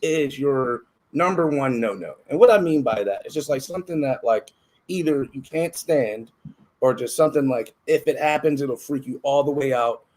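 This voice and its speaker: A man hosting a casual podcast interview. He tells lively stories, laughs often and swears freely. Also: mid-range voice, normal speed. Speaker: podcast host.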